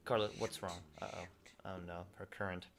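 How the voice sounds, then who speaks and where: A man's voice: sits low, steady tone, a little fast, gravelly, very noisy. A young man streaming a game, reading viewer messages aloud and chatting back casually. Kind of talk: casual live-stream chat.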